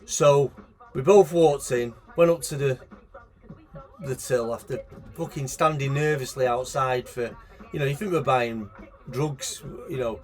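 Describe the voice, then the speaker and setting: A middle-aged man with a Manchester accent, telling a childhood story in a casual, animated way, swearing freely and acting out the people in it. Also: mid-range voice, a little slow. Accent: Manchester English. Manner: swears freely, animated, acts out voices in the anecdote. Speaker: shop owner telling a story.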